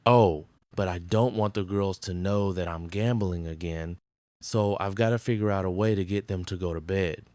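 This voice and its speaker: An actor playing a gruff middle-aged diner owner who whines and pleads, in sitcom acting. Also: male voice, low voice, normal speed, warm tone, no echo, close to an everyday voice. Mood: eager. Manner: whiny, pleading. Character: gruff middle-aged male diner boss, desperate gambler.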